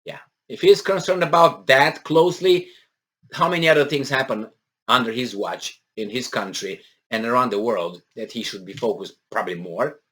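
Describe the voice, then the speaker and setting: A man's voice: medium pitch, moderate pace, bright, forceful tone. A man reads out news items and breaks off to mock them. His talk rambles, full of fillers and restarts, and has a sarcastic bite. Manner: sarcastic, mocking asides and put-on impressions. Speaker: political commentary vlogger. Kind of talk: casual monologue reading and commenting on news.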